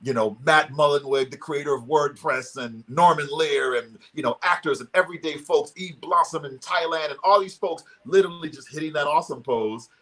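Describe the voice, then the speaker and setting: A man with a slightly high voice tells a motivational story with lively energy. He sounds like a guest on a video call and sometimes breaks off to lead listeners through a physical exercise. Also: a little fast, few pauses. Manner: energetic, leads audience participation. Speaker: guest speaker.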